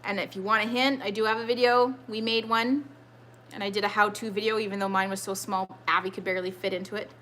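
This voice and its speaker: A woman's voice: medium pitch, steady tone, fast, a bit bright, a little hiss or hum. A woman in her thirties hosting a casual trivia live stream from home, chatty and rambling as she answers viewer comments. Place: home with children nearby.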